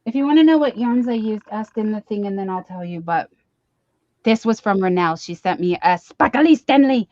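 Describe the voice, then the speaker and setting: A woman's voice: mid-range voice, expressive, normal speed, darkish tone, no room sound, highs cut off. A woman hosting a late-night livestream, chatting casually and rambling as she reads comments aloud. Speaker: live stream host. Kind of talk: casual chat.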